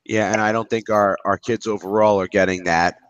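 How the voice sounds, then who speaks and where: A man's voice: on the low side, steady tone, fairly quick, smooth, lo-fi sound. A man leading a class discussion, telling candid stories in a rambling way with many restarts.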